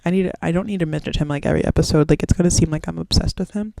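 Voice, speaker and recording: A woman's voice: low-pitched, very fast, creaky, dark tone, no room sound. A woman in her twenties hosting a podcast solo, rambling in casual slang and swearing freely. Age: 20s. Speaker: podcast host.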